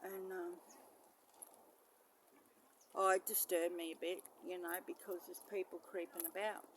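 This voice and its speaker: A vlogger, filming outdoors beside a van on a handheld phone, rambling and swearing, swinging between loud outbursts and low muttering. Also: flat delivery, unhurried, a little hiss or hum. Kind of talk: rambling handheld vlog monologue. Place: outdoors beside a parked van near mangroves.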